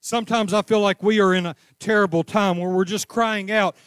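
Male pastor, high-pitched, fervent sermon delivery, dry close mic. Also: fairly quick, smooth, no room sound. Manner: impassioned preaching, rising to cries then dropping to a calm teaching tone.

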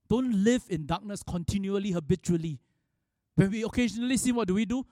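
High-voiced preacher, dry close sound. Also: male voice, a little fast, darkish tone, no room sound. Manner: storytelling preacher with frequent restarts, rising for emphasis. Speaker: pastor. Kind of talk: sermon.

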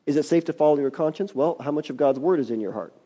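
A man's voice: fairly high pitch, fast talker, dark tone. A man preaching a sermon, reading scripture and adding folksy, conversational asides.

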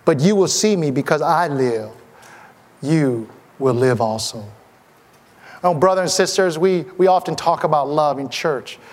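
A man preaching a sermon in church, with animated, rising exclamations. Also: a little high, unhurried. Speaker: pastor. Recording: long hall reverb.

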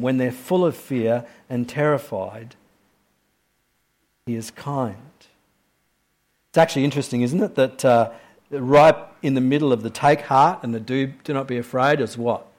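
A man preaching a sermon. He swings between raised, urgent questions and hushed, slow emphasis, and repeats key phrases for weight. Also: medium pitch.

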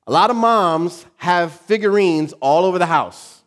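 A man preaching a sermon, telling a funny story and joking with his congregation, often repeating himself as he goes. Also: high voice. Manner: lively, joking, talks to the congregation; halting, repeats words.

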